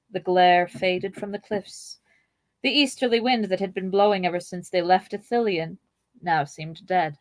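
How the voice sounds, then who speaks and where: A woman hosting a podcast, reading a novel aloud in a measured, expressive way with playful asides. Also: lowish voice, dry recording.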